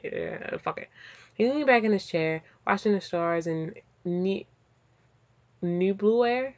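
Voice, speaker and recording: A woman casually reading fanfiction aloud and breaking off into profane, animated comic asides. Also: mid-range voice, slow. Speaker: fanfiction reader and reactor. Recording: slightly dull lo-fi audio.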